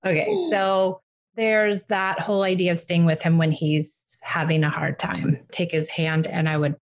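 Parenting coach, woman, lower register, direct and reassuring delivery. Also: flat delivery, a little slow. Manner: direct, reassuring, acts out what to say to children. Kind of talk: advice session.

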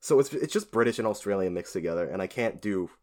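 A man's voice: lowish voice, expressive, quick pace, a little mellow. A young man co-hosting a podcast, chatting casually and telling rambling stories with casual swearing. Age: young adult. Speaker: podcast co-host. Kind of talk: casual chat.

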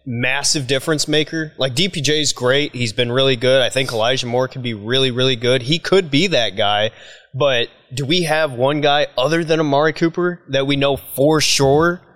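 A male podcast guest in a studio with a mid-range voice. He builds his argument point by point in relaxed sports chat and keeps talking to finish his case. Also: mid-range voice, normal speed. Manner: makes his case at length, persuasive.

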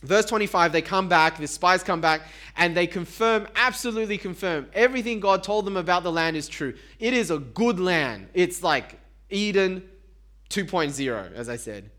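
Man, preacher, high voice, chatty sermon, rhetorical questions, self-mocking jokes. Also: lively intonation, normal speed, bright, forceful tone. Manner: conversational, asks the congregation rhetorical questions; self-deprecating humor.

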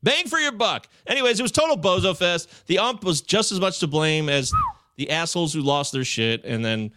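A man's voice: a little high, animated, normal speed, bright, forceful tone, no room sound. A young man co-hosting a casual chat, telling profane stories with acted quotes. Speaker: podcast co-host.

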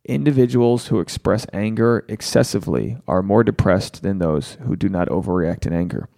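A man's voice: low-pitched, normal speed, vocal fry, mellow. A man hosting a podcast, talking candidly and animatedly, swearing freely and acting out quotes. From Rhode Island. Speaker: podcast host, standup comedian.

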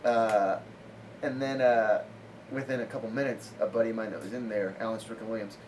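A man's voice: fairly low pitch, fairly even intonation, brisk, a little mellow, poor audio. A male comedian telling a rambling, casual story, laughing often and filling his speech with "like.". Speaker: comedian guest. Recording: audible background noise.

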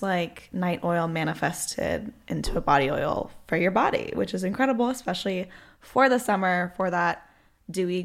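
A woman's voice: fairly low pitch, vocal fry, fairly bright tone. A young woman co-hosting a podcast, chatting casually and reading an ad in an upbeat, filler-heavy way. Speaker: podcast co-host. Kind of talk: casual podcast chat and ad read.

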